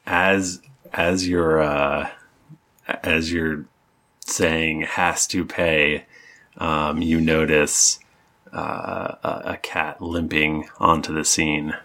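A man running a tabletop game as game master, narrating haltingly with lots of ums and restarts. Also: very deep voice, little pitch movement, pushed and bright.

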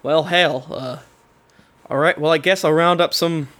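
A man voicing a gruff small-town constable with a put-on Southern US drawl and folksy country slang. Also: on the high side, steady tone, unhurried, fairly bright tone.

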